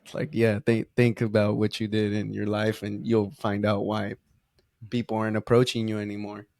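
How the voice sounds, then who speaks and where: Flat-voiced man, halting podcast talk. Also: lowish voice, vocal fry, no echo, clean studio sound. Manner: halting, many restarts, tells parables. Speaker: podcast co-host. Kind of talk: casual heartfelt conversation.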